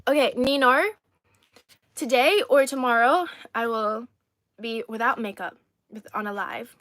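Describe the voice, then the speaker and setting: A young Chinese woman hosts a casual eating live stream over a phone mic, sassy and playful, teasing her viewers and often laughing. Her fairly high, bright voice stays fairly even at a measured pace, and the sound is clean, studio-like, and echo-free.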